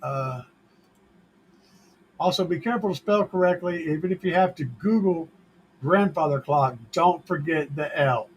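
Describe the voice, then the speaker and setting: A man's voice: on the high side, moderate pace, pauses often, slight background noise, low-quality recording. A man hosting a car audio show, chatting casually and answering viewer questions in a laid-back, joking manner and swearing freely.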